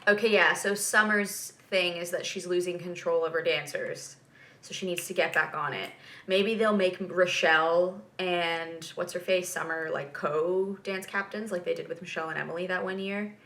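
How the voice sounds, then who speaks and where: Young female vlog host: bright tone, chatty and giggly, casual. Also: lowish voice, steady tone, normal speed, slight background noise. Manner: chatty and giggly, lots of fillers and asides. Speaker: vlog host reacting to a TV episode. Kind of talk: casual reaction chat.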